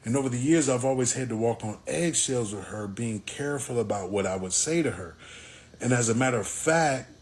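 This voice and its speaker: A man's voice: mid-range voice, a little hiss or hum. A father casually telling a personal story to camera, conversational and getting heated at times. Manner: conversational, gets heated and loud when retelling the argument.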